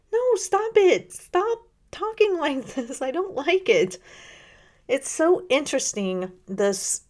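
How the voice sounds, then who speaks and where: A woman hosting a devotional podcast, reading a spiritual diary aloud and then reflecting on it in an earnest, thoughtful way, wondering aloud. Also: medium pitch. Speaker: podcast host.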